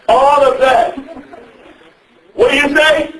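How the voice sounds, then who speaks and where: Man speaker addressing youth in a mosque; very high voice, quizzes the crowd, repeats lines; distant mic in a roomy hall. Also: normal speed, pauses often. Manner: questions the audience and repeats phrases. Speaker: speaker advising young people.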